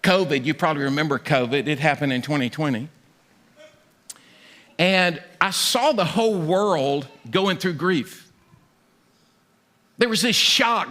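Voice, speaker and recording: A man's voice: sits high, animated, normal speed, sharp tone. A man pastor preaching a conversational sermon from a church stage, acting out the voices he quotes. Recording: long reverb of a large hall.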